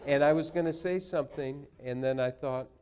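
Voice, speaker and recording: A man's voice: fairly high pitch, a little fast, a little mellow, slight background noise. A man in his sixties giving a lecture, telling anecdotes with dry, wry humor that builds to punchlines. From United States. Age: 60s. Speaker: guest lecturer. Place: lecture hall before an audience.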